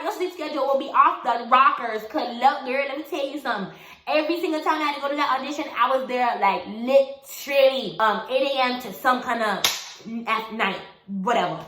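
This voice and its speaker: Chatty young woman in a roomy room. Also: high voice. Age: 20s. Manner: chatty, animated, calls the listener girl and honey. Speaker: vlogger telling her story. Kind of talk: casual storytime chat. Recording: roomy echo.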